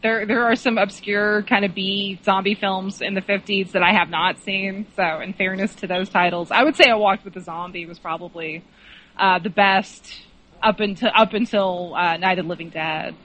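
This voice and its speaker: A woman's voice: medium pitch, fairly even intonation, normal speed, fairly bright tone, poor audio. A woman guest in a casual film chat, enthusiastic and rambling with frequent restarts. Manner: enthusiastic, rambling, laughs often.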